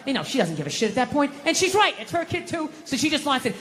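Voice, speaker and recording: Profane stand-up comic in a hall. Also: male voice, very high voice, big pitch swings, fast, few pauses, pushed and bright. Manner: profane, exasperated storytelling with acted-out quotes. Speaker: stand-up comedian. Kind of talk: stand-up comedy set. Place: live comedy venue. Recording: live reverb hall with faint noise.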